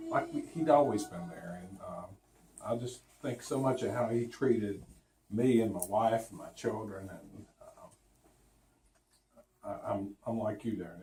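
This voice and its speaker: A man's voice: fairly low pitch, warm tone. A man giving an informal tribute speech at a dedication, rambling and chuckling through his stories with many fillers. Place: conference room dedication gathering. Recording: echoey room from far off, faint noise.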